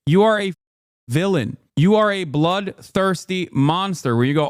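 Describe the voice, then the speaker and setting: A man's voice: high-pitched, expressive, measured pace, smooth, dry recording, studio quality. A man streaming political commentary, angry and ranting, swearing and repeating himself as he builds up. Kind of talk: heated live-stream commentary.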